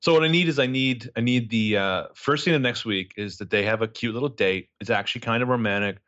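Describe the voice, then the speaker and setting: A man's voice: mid-range voice, fast talker, a bit bright, no room sound, lo-fi sound. A man casually recapping a TV episode as a podcast co-host, animatedly acting out the characters' lines with plenty of swearing. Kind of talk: casual chat.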